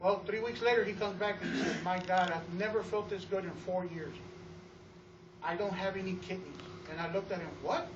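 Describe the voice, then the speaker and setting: A man giving an energetic testimonial to a live audience about running his store, telling stories with acted-out quotes and often repeating words. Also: sits high, moderate pace, noisy background. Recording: roomy, distant, dull sound.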